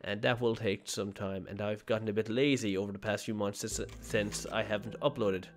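A man's voice: on the low side, fairly even intonation, normal speed, soft background music. Casual, self-mocking male gamer. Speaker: gaming channel host. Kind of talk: let's play commentary. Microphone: desk mic with webcam.

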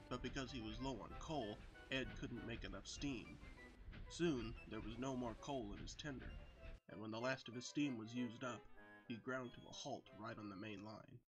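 A man narrating a children's storybook tale in an even, steady manner. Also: mid-range voice. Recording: with background music.

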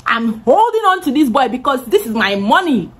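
A young woman with a Nigerian accent telling an animated storytime vlog, laughing and swearing as she goes. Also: high voice, normal speed, breathy edge. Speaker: vlogger.

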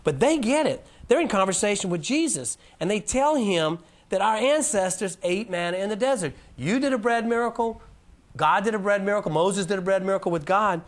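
A man teaching a Bible lesson in a casual, folksy way, reading scripture in a lower, slower voice. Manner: animated, drops to a low, slow voice for scripture quotes. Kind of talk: presentation lecture.

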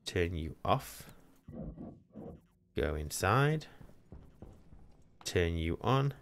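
A young man running frantic solo commentary on a game, talking to himself and repeating words fast. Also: low voice, big pitch swings, gravelly, a little hiss or hum. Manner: panicky, talks to himself, repeats words rapidly. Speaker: gaming channel host.

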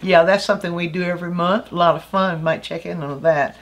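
An older woman explains painting ideas as an art teacher in a relaxed, conversational lesson. She talks thoughtfully, pausing on fillers and restarting sentences as she works out her point. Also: fairly low pitch.

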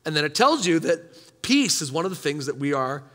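High, bright-voiced preacher in a church hall. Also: male voice, very animated, moderate pace. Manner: emphatic, conversational preaching with rhetorical questions to the congregation. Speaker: pastor. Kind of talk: sermon.

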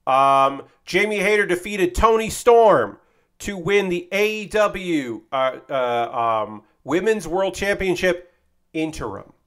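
Male streamer, loose casual chat, rambling and profane, somewhat high voice, eager and heartfelt. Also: animated, slow, fairly bright tone, smooth. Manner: rambling, profane, enthusiastic about wrestling; frequent fillers and restarts, acts out quotes animatedly.

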